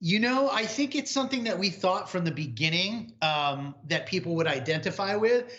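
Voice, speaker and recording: A man co-founder being interviewed on a talk show, relaxed and plain-spoken as he talks up the food. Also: sits high, normal speed, highs cut off. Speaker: company co-founder guest.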